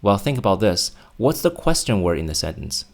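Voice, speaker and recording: Male teacher, lowish voice, clear patient delivery for a language lesson video. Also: sing-song, a little fast. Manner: clear, patient explaining with spoken example phrases.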